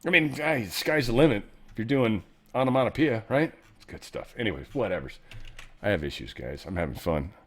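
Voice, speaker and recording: A man's voice: on the low side, animated, a little fast, fairly bright tone. Irreverent joking man riffing on news. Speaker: show host. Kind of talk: casual news commentary monologue.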